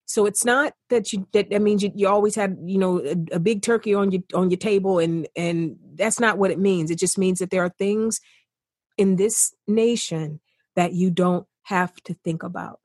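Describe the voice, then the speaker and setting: A woman's voice: mid-range voice, moderate pace, a little mellow, no room sound, studio quality. A woman guest in an earnest podcast conversation, speaking with passion and repeating phrases for emphasis.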